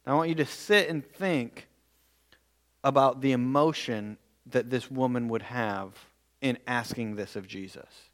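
A man's voice: medium pitch, unhurried. Earnest man preaching a sermon. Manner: earnest, repeats words and restarts phrases. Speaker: pastor.

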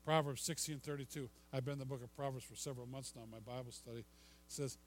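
An older man preaching a sermon, asking rhetorical questions, repeating words and dropping to a soft hush on key phrases. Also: mid-range voice, fairly even intonation, quick pace, rough recording. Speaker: pastor. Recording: faint mains hum.

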